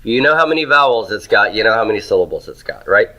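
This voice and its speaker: A man's voice: on the low side, animated, fast, bright, forceful tone, rough recording. A man teaching Hebrew grammar in a classroom lecture, asking questions and answering them himself.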